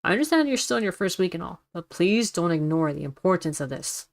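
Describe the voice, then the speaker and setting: A woman's voice: lowish voice, sing-song, brisk. A woman reading a chatty, insistent male school nurse. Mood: stern. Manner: friendly but insistent, lecturing. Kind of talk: reading a visual novel aloud.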